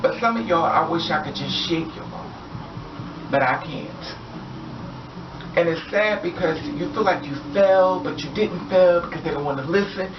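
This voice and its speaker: A woman's voice: lowish voice, normal speed, distant mic, noisy background. A woman vlogger delivering an angry, blunt, profane rant straight to her viewers. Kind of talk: impassioned rant to camera. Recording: echoey room, off mic, dull lo-fi sound.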